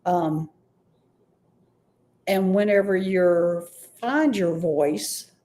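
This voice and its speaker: Speaking extremely slowly in a fairly low, dark voice, an intuitive reader on a live stream passes along messages hesitantly, often uncertain about them.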